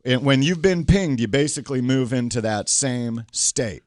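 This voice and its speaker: A middle-aged man hosting a talk, coaching through conflict with animated stories and acted quotes. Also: mid-range voice, moderate pace, dry recording, studio quality. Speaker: host and coach. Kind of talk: casual talk show conversation.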